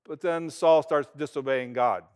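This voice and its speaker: A man, a pastor, giving a conversational sermon and retelling events in everyday, animated talk. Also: a little high, unhurried, clean tone.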